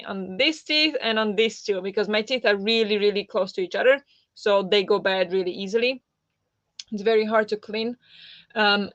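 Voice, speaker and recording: A woman's voice: medium pitch, fairly bright tone, no echo. Chatty woman on a dull, dry mic. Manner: chatty, filler-heavy, reacting to viewer comments. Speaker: livestream host. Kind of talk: casual livestream chat.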